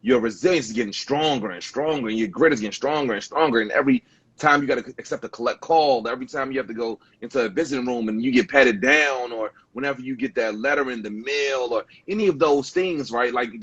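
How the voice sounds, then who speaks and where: A male host speaks thoughtfully and affirms his guest, often restarting his phrases. His voice is a little husky at a middle pitch. The audio is dull and lo-fi. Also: a bit bright. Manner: thoughtful, affirming, repeats words. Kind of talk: livestream interview.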